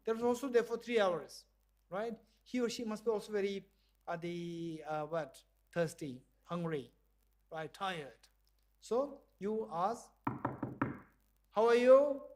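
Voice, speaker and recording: A man with a high voice gives a lecture in a slow, unhurried way. He leads the group through an exercise, playfully acting out small dialogues and laughing along the way. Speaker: visiting professor lecturing. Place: lecture hall.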